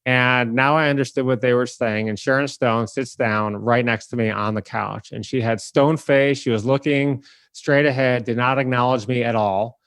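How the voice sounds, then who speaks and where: A man from the Detroit area hosting a podcast and telling a lively story, acting out the people in it. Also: medium pitch, normal speed, clean tone, no echo. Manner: animated, acts out the people in his story. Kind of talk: casual storytelling.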